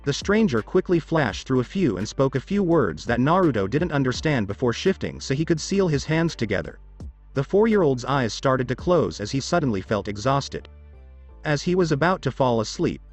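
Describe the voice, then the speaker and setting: A man narrating fan fiction in an expressive storytelling read. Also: medium pitch, moderate pace, faint music behind.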